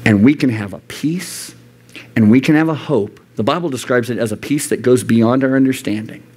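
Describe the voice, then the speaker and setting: A man preaching to a youth group, animated and acting out the voices he quotes. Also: mid-range voice, moderate pace. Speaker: youth pastor. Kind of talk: sermon. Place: church youth service.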